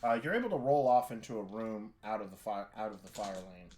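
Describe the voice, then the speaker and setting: A man's voice: lowish voice, a little fast, a crowd in the background. A man narrating as game master of a tabletop role-playing game, with many fillers and restarts.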